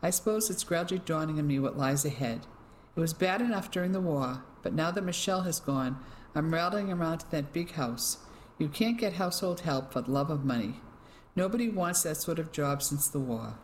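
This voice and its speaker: A reader voicing a clipped older English gentleman. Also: medium pitch, expressive, a little fast, slight background noise, natural voice. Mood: stiff. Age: 60s. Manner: clipped, stiff.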